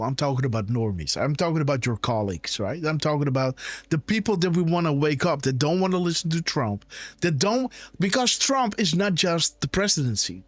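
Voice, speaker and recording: A man's voice: a little high, no echo. A man hosting a live political commentary show, talking insistently in rhetorical questions and often turning to his audience. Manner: insistent, rhetorical, keeps saying "guys" and "right?". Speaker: host of a live decode show.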